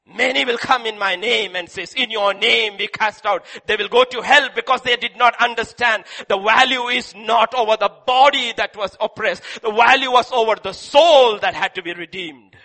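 A man preaching a sermon, repeating rhetorical questions and swinging between loud cries and hushed passages. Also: very high voice, normal speed, few pauses.

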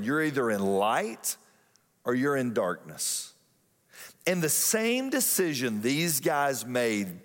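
A man's voice: on the high side, fairly bright tone, in a large hall. A male pastor giving a sermon in a church, conversational and joking, often putting questions to the congregation. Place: church auditorium.

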